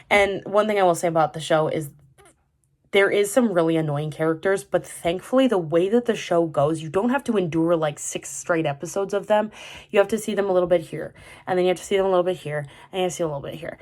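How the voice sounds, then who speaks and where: Young woman vlogger, low voice, loose rambling delivery with lots of fillers. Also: darkish tone. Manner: rambling, many "like" fillers and restarts. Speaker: vlogger reviewing a TV drama. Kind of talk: casual chat.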